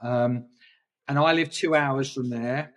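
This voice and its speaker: Rambling English photographer, distant mic. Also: male voice, medium pitch, steady tone, slow pace. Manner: rambling, hesitant with many restarts. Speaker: guest photographer. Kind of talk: casual interview chat.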